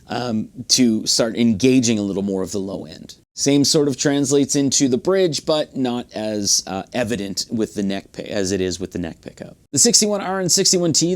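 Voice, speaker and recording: Male guitar reviewer, casual rambling delivery, lots of ums, mid-pitched voice, studio mic. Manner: relaxed, rambling with frequent fillers and restarts. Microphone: studio condenser mic.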